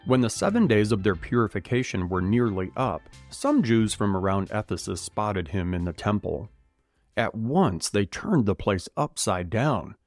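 A man with a low voice that swings widely in pitch, reading scripture with animated, joking energy. His voice sounds close and dry, with no room around it. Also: no room sound. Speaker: podcast co-host and scripture reader. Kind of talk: casual chat and Bible reading aloud.

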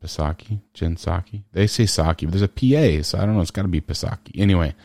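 A podcast host in casual commentary, ranting sarcastically and firing off rhetorical questions. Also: male voice, low voice, quick pace, vocal fry, mellow, no echo.

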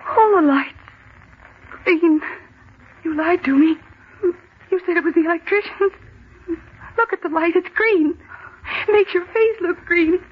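An actress in a 1940s-style radio drama playing a frightened young woman who pleads breathlessly and keeps repeating her words. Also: very high voice. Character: frightened, hysterical young woman, easily panicked. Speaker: office worker trapped at night. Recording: dull old radio recording.

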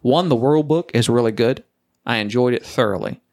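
A man's voice: medium pitch, a little fast, creaky, darkish tone, no room sound, studio quality. A man co-hosting a podcast, chatting casually about board games and often losing his thread and starting over. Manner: rambling, loses his thread and restarts. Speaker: podcast co-host. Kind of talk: casual chat, board game review.

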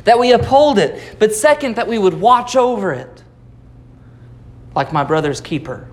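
Guy preaching in church, high-ish voice, explains slowly, says things twice. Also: animated. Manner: explanatory, repeats phrases for emphasis. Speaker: pastor. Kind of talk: sermon.

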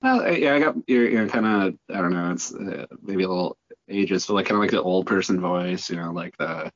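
A man guest in a casual podcast chat, talking haltingly with many restarts and laughing along. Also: sits low, dull audio.

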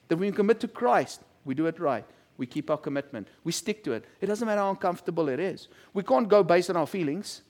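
A man's voice: high voice, darkish tone. A middle-aged male pastor giving a sermon in a chatty storytelling way, acting out quotes from people he describes. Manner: conversational storytelling with quoted voices.

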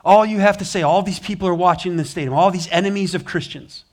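High-voiced impassioned male pastor. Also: fast talker. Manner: impassioned storytelling, rising to emphatic peaks. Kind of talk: sermon. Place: church sanctuary.

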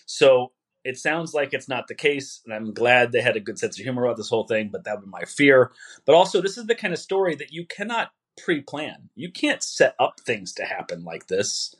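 A podcast co-host, a man, reads a listener's story aloud, leaning into its dramatic beats, then talks it over casually. His voice sits at an ordinary male pitch. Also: brisk, husky. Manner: lively storytelling with dramatic emphasis.

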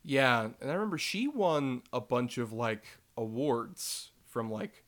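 A man's voice: medium pitch, sing-song, measured pace, a bit bright. Chatty joking man co-hosting a podcast. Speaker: podcast co-host. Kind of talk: casual film discussion.

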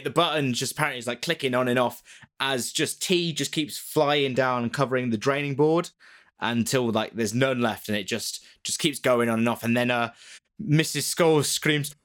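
A man hosting a relaxed chat, retelling a spooky tale in a loose, rambling way. He jokes as he goes and laughs at his own asides. His voice sits at an ordinary middle pitch. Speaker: podcast host retelling a ghost story. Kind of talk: casual storytelling chat.

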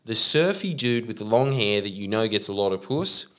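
A young Australian man on a casual podcast, telling a story with lots of swearing and loud acted-out quotes. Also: on the low side, normal speed. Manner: animated storyteller, swears, acts out quotes in loud put-on voices. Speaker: podcast host.

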